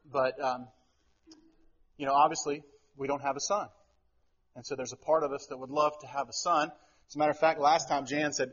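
Man preaching, middle-aged, husky, somewhat high voice, animated storyteller, muffled recording. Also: a little fast, long pauses. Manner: animated storytelling, acts out quotes. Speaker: pastor. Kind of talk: sermon with family story.

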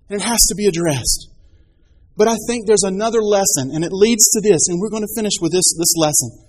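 A man's voice: high-pitched, darkish tone, slightly rough. A man in his thirties preaching a sermon, telling stories with rhetorical questions and rising emphasis.

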